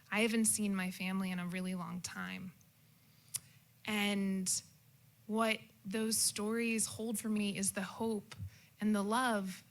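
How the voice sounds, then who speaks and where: A young adult woman telling a comic personal story about a family holiday, animated and shouting out her relatives' quoted lines. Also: mid-range voice, vocal fry.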